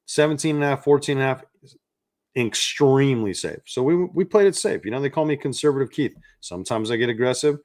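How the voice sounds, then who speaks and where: A man's voice: mid-range voice, no room sound, clean studio sound. A man hosting a sports betting show, talking in a hyped, salesy way and repeating his points. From not from the South. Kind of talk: energetic betting-picks monologue.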